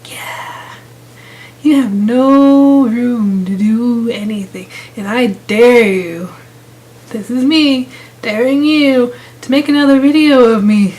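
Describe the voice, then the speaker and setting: Young female gaming vlogger, fairly high voice, casual, sarcastic rant. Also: slow, darkish tone, rough recording. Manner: exasperated, sarcastic, rambling with restarts. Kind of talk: casual ranting vlog.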